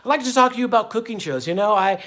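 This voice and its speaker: A man's voice: high-pitched, racing, a bit bright. A man hosting his own diet vlog, talking in a folksy, meandering way full of fillers and drifting off topic. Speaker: vlogger and diet channel host. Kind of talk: rambling casual monologue.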